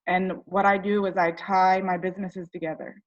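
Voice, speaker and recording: This woman from Ohio, a direct sales team member, has a lowish voice with flat delivery and a moderate pace, captured in a muffled recording. Tearful and chatty, she tells her personal story on a team call with lots of fillers.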